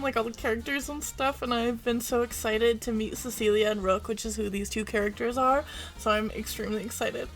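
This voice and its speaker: A woman streaming a video game, chatting excitedly and swearing freely as she plays. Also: on the high side, brisk, soft background music. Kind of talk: casual gameplay commentary.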